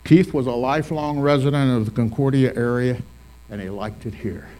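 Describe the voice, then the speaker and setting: A man's voice: medium pitch, steady tone, moderate pace, dark tone. A male pastor giving a funeral eulogy in a full service hall, telling folksy stories and repeating phrases for emphasis.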